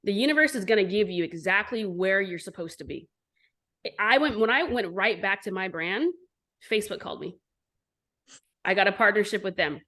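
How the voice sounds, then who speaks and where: Blunt, animated businesswoman in her forties. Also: medium pitch, moderate pace. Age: 40s. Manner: blunt, profane, animated storytelling. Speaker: entrepreneur guest. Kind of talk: candid storytelling interview.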